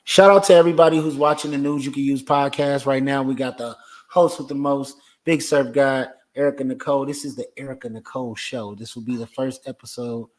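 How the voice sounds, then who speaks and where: A man's voice: medium pitch, steady tone, brisk, darkish tone. A man hosting a podcast in a casual, laid-back way, talking straight to his viewers. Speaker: podcast host.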